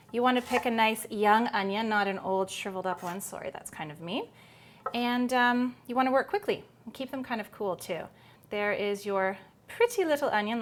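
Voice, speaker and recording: A woman's voice: fairly high pitch, a little hiss or hum. Upbeat woman hosting a cooking lesson. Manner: chatty, upbeat, playful asides. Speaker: cooking show host. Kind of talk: cooking demonstration.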